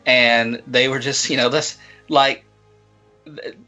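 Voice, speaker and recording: A man's voice: mid-range voice, steady tone, slow pace, pushed and bright, lo-fi sound, soft background music. A man co-hosting a podcast in casual chat, dropping dry, teasing quips. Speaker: podcast co-host.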